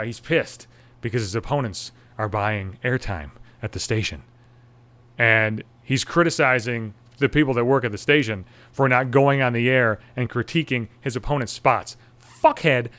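A man's voice: mid-range voice, fairly bright tone. Foul-mouthed man on an angry rant. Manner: angry, swearing constantly, sarcastic. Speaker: radio station worker. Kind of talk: profane ranting monologue.

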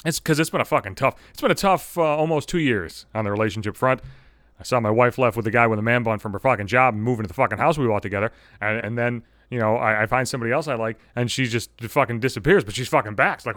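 A man's voice: mid-range voice, fairly quick, no room sound, studio quality. A man in his thirties telling a personal story as a podcast host, swearing freely and building into exasperated rants. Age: 30s. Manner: animated, swearing, ranting with rising exasperation. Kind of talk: profane personal storytelling monologue.

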